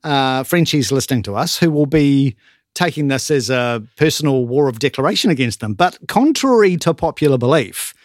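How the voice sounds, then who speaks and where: A man's voice: medium pitch, lively intonation, moderate pace, dry recording, clean studio sound. A New man chatting casually as a co-host, laughing often. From New Zealand. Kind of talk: casual chat.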